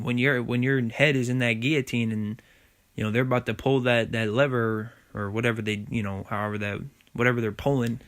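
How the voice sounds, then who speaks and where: A man's voice: medium pitch, fairly bright tone. A man giving an informal sermon, reading scripture aloud and checking in with "okay?" and "man" after each point. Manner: casual, repeats "okay?" and "man"; reads scripture aloud, stumbling on words. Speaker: preacher.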